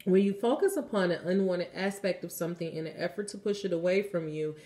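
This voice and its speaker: A woman's voice: lowish voice, fast, warm tone. A young woman, a tarot reader telling a story in a chatty, casual way, full of "like" and "you know", with the odd swear word. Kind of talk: casual spiritual vlog talk.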